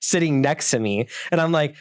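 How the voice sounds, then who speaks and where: A young man co-hosting a podcast, chatting casually and gushing excitedly, with lots of filler words. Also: a little high, normal speed, no echo, studio quality. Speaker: podcast co-host and actor. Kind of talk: casual interview chat.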